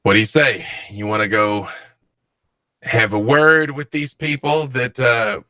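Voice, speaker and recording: A man's voice: medium pitch, fairly even intonation, a little slow, bright, forceful tone, no room sound. A man doing a blunt, cold gunman.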